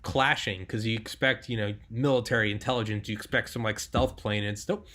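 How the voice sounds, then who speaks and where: A man's voice: on the low side, fairly even intonation, fairly quick, bright, forceful tone. A young man hosting a podcast, chatting casually and animatedly, swearing and laughing as he tells stories. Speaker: podcast host.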